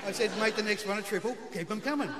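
Aussie bloke doing standup, high-ish voice, big reverby hall, bit of crowd noise. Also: male voice, fast talker. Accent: Australian. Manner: laconic storyteller, punchlines with a grin. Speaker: comedian. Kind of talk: stand-up storytelling on stage. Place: large live television stage before an audience.

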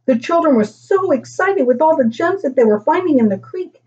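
An older woman reading a children's storybook aloud, animated as she voices the grandchildren and grandparents. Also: moderate pace, highs cut off. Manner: animated, pitching up for children's lines.

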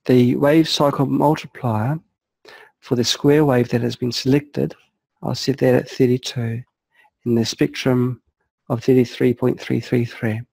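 Calm man walking through software steps. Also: mid-range voice, unhurried, gravelly, no room sound, rough recording. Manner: calm, methodical, narrates each click. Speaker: software tutorial presenter. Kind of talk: screen-recorded software walkthrough.

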